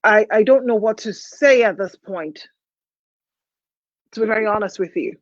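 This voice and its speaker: A woman hosts a live call-in talk show, emotional and hesitant, stumbling through restarts. Her voice sits in a middle pitch. The stream audio is dull, lo-fi and dry. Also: normal speed, no echo.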